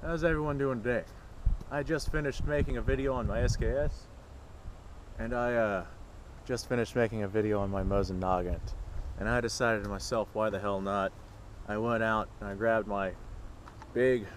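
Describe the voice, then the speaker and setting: Low-voiced guy being sarcastic and deadpan outside, bit of faint noise behind him. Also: normal speed. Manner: sarcastic, mock-serious. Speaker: gun vlogger. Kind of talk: sarcastic outdoor vlog. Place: outdoors at a shooting range.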